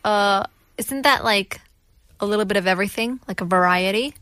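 A woman's voice: mid-range voice, moderate pace, a bit bright, dry recording, studio quality. A woman co-hosting a casual language-learning chat, giggly and teasing. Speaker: podcast co-host.

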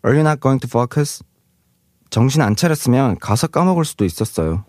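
A man's voice: medium pitch, big pitch swings, racing, a little mellow, no echo, studio quality. A man teaching Korean vocabulary in English. He reads example sentences aloud and translates each one. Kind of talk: explaining vocabulary.

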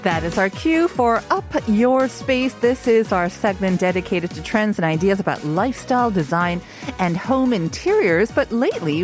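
A woman hosting a radio show in a studio, chatting in an upbeat way. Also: mid-range voice. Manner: chatty, upbeat, with frequent laughs. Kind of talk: casual radio chat. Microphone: studio microphone.

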